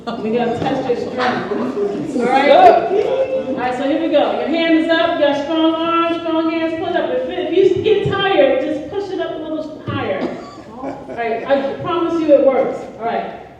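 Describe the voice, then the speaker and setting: A woman's voice: high voice, lively intonation, unhurried, a little mellow, slight background noise. A woman leading a group ritual at a community gathering, rousing the crowd with sing-song calls. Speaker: ceremony leader. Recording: echoey hall, distant mic, music behind.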